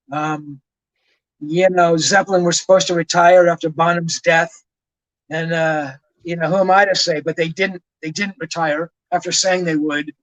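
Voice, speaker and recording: A man's voice: on the high side, fairly bright tone, dry recording, low-quality recording. A man in his sixties, a rock journalist, telling frank, rambling stories in an interview and often adding asides. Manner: rambling, frank, full of "you know" asides. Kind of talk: conversational storytelling.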